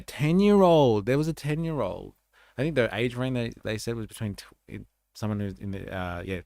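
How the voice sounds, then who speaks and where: A man's voice: fairly low pitch, vocal fry, darkish tone, no room sound. A man hosting a livestream, reacting bluntly to a news clip and swearing freely. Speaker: livestream host. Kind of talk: casual commentary reacting to a clip.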